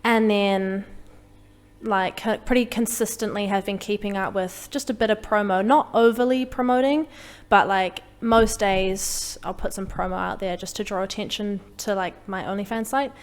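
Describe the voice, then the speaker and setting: Chatty young woman, smooth voice. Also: mid-range voice, steady tone, normal speed, big-room sound. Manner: chatty, full of "like" fillers, frank. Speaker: podcast guest. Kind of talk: casual conversation.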